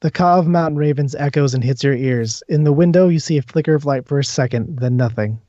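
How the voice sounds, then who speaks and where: A man running a tabletop game as game master, narrating scenes and pausing when ruling on questions. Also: on the high side, mellow, no room sound. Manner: descriptive, hesitant when ruling. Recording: dull dry audio.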